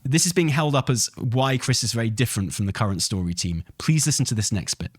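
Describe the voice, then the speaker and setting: A man's voice: mid-range voice, expressive, fast talker, no echo, clean studio sound. A man streaming live who reads a post aloud and argues with his chat in a heated, profane way. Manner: profane, heated, argumentative, swings to shouting. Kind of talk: live commentary, reading a post aloud and replying.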